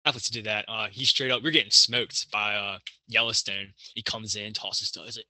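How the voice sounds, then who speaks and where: A man's voice: fairly low pitch, a little fast, hardly any pauses, pushed and bright, dry recording. A young man, a college hockey player, chatting casually on a podcast and rambling with lots of fillers and restarts. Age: young adult.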